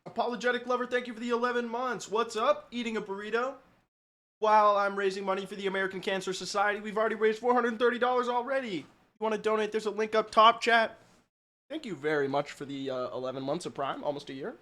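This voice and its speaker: A man's voice: high-pitched, steady tone, quick pace, bright, forceful tone. A man streaming live, chatting casually, poking fun at himself and answering his chat. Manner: joking, self-mocking, reacts to chat.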